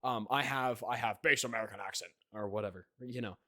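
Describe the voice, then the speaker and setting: A young man co-hosts a podcast, chatting casually and rambling, restarting often and tacking on "right?" tags. His medium-pitched voice is bright, forceful and quick, recorded dry with clean studio sound.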